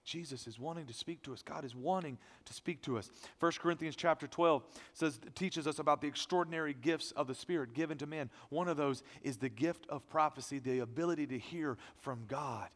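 A man preaching a sermon as pastor, emphatic, swinging between loud declarations and hushed lines. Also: fairly high pitch, a little fast, hardly any pauses. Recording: long reverb of a large hall.

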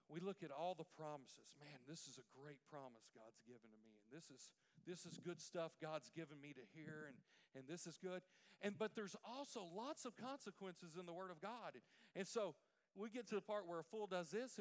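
Male pastor, high voice, chatty sermon delivery, church hall with long reverb. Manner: conversational, asks the congregation questions. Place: church sanctuary.

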